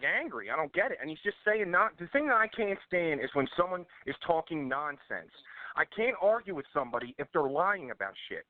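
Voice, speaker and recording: A man's voice: on the high side, no room sound. Stammering, aggrieved man, phone-thin sound. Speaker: podcast guest. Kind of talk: casual chat. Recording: dry, phone-like narrow sound.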